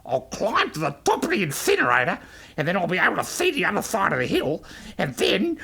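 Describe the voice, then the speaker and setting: A man voicing a grumpy young male ant in a children's storybook, speaking in a sulky, high, raspy voice. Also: huge pitch swings, a little fast, pushed and bright, heavily acted. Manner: whiny and sulky.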